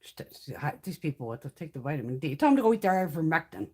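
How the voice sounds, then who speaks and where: A woman's voice: low-pitched, sing-song, rapid-fire, dark tone, slightly rough. A middle-aged woman hosting a makeup live stream, telling blunt, heavily profane stories and laughing through them in casual chat.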